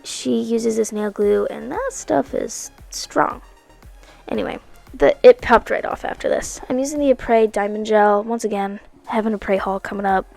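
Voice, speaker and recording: Her voice is a little high and creaky, moving at normal speed, as she narrates a nail art tutorial in a chatty, playful manner, fixing her own wording and adding asides. Soft music runs beneath the casual voice-over.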